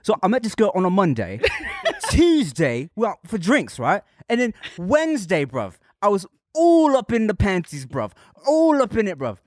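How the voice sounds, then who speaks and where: A man's voice: high-pitched, wildly swooping pitch, normal speed, no room sound, clean studio sound. A man putting on the voice of a cocky young British lad who brags in heavy slang. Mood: boastful. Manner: boastful slang-heavy swagger.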